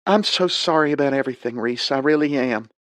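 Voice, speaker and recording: A tough Southern woman pilot, brisk and friendly, her voice lifted well above a low narrator's own, as a man puts her on. She drawls lightly and talks in short, clipped bursts. The read is dry and close. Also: no echo. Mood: sympathetic.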